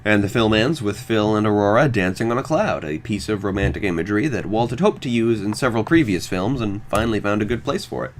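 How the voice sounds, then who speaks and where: Lively low-voiced man hosting a podcast. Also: quick pace, few pauses, slight background noise. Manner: wry, enthusiastic, lively intonation. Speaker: podcast host. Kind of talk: scripted film review monologue.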